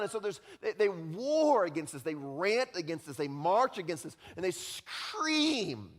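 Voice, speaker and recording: A pastor delivers a sermon in a lively, conversational way, his voice sitting a little higher than most men's. He keeps checking in with his listeners and acts out the people he describes. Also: moderate pace, few pauses. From Utah. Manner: conversational, animated, often tags lines with "right?".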